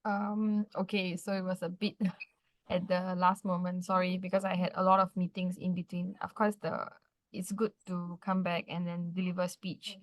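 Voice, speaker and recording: A woman's voice: fairly low pitch, flat delivery, normal speed, no room sound. Hesitant woman sharing on a call. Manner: hesitant, many fillers and apologies. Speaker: club member. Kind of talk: casual sharing on video call.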